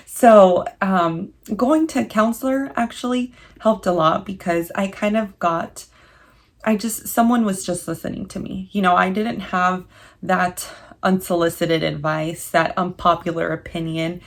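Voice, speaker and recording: Young woman vlogger, low and gravelly, earnest and confiding, talks straight to camera. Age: 20s. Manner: earnest, confiding, halting with emotion. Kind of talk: candid personal vlog.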